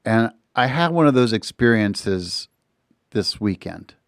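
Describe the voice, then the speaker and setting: A man's voice: on the low side, slow pace, no room sound. A middle-aged man hosting a podcast from a recording studio, telling a story casually and animatedly, acting out other people's lines as he goes. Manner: animated, slips into voices when quoting others. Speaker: podcast host.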